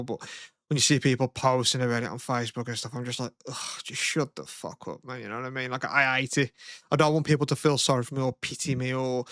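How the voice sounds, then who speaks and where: A man's voice: a bit bright, clear, resonant tone, no room sound, clean studio sound. A young man co-hosting a podcast, swearing casually and laughing often. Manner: sweary, laughs often, mimics others in high voice. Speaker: podcast co-host. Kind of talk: casual chat.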